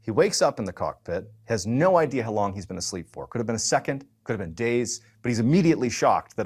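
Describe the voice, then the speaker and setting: A man's voice: mid-range voice, sing-song, fast talker, hardly any pauses, darkish tone, slightly rough. A man telling a true mystery story in a loose, conversational way, full of fillers and restarts. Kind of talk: casual spoken storytelling.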